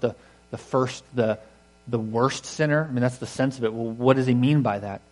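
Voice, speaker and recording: A man's voice: mid-range voice, darkish tone, rough recording. A man in his ordinary middle register preaches to his congregation, earnest and emphatic. He restarts his phrases and puts rhetorical questions to the room. A faint mains hum runs under his voice. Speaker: pastor. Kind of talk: sermon.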